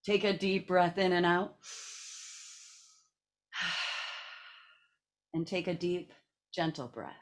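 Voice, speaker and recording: Over a video call, a woman with a fairly low, steady voice guides a group through a seated laughter and breathing exercise. She speaks very slowly with long pauses, coaxing and playful, and laughs often.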